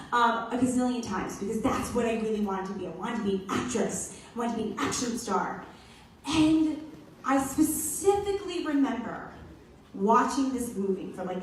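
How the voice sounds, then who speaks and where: A young woman tells a personal story to an audience, her voice high and swinging widely as she acts out the quotes. She sounds a little distant from the mic, and the hall around her rings with strong echo. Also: a little hiss or hum. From New York. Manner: animated, acts out quotes in voices, laughs often. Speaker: speaker giving a personal talk. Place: event hall.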